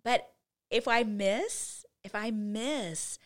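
A woman's voice: on the high side, very slow. A woman co-hosting a casual faith podcast, earnestly teaching Bible study steps one at a time. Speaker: podcast co-host.

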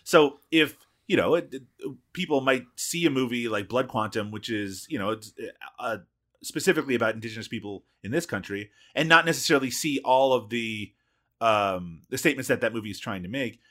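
A man co-hosting a film podcast, relaxed and laughing easily, hedging with filler phrases. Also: medium pitch, fairly quick. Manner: relaxed, laughs easily, hedges with "you know". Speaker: podcast co-host. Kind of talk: casual film review chat.

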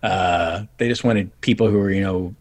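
A middle-aged man telling stories in casual chat, animated and acting out the people he quotes. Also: sits low, normal speed. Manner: animated, acts out quoted voices. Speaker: podcast guest. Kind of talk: casual storytelling.

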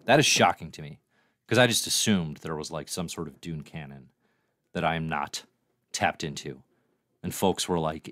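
A man's voice: low-pitched, animated, normal speed, fairly bright tone, no room sound, clean studio sound. A man hosting a casual comics review livestream, chatty and reading viewer comments aloud. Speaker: livestream host.

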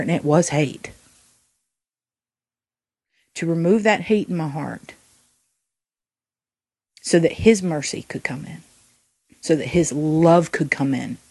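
A woman co-hosting a faith podcast, talking earnestly and haltingly, often restarting her sentences. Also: on the low side, darkish tone, husky, no room sound. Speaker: podcast co-host. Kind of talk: reflective faith podcast talk.

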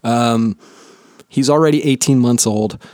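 A man's voice: medium pitch, measured pace, a little mellow, no echo. Casual profane podcast guy, dry sound. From New Jersey, USA. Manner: rambling, profane, self-deprecating. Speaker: podcast host. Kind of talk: casual solo podcast chat. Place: home basement.

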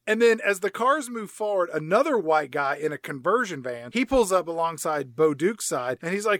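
A man co-hosting a movie review podcast, recounting scenes with lively storytelling and acted-out quotes. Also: on the high side, moderate pace, hardly any pauses, no echo, clean studio sound. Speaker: podcast co-host. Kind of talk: casual movie review chat.

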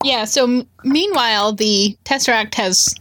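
A woman's voice: fairly high pitch, measured pace, fairly bright tone, dry recording. A woman co-hosting a casual film podcast, agreeing and adding quips. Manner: agreeable, short affirmations and quips. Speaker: podcast co-host.

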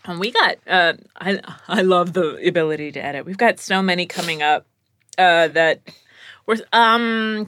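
A woman voice actress chatting casually, with a bright, forward voice. She tells lively stories and acts out what people said, laughing often. The sound is dry and close. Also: lowish voice, smooth, no echo. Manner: animated storyteller, acts out quotes, laughs often. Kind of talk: casual chat.

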